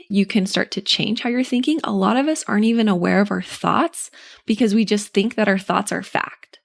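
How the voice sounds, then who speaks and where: An earnest young woman hosts a solo coaching podcast, speaking straight to her listeners. Her mid-range voice carries a steady gravelly fry. She plays out inner thoughts in a light, encouraging way. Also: medium pitch.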